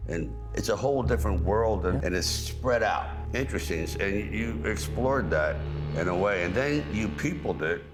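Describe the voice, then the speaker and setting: An older man hosting a relaxed conversational interview, talking in a slow, reflective drawl. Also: lowish voice, over music. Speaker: host.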